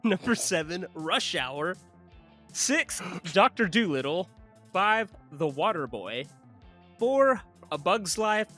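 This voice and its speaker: A young man co-hosting a movie podcast, animated and jokey, laughing often as he chats. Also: high voice, slow, faint music behind. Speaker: podcast co-host. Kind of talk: casual movie podcast chat.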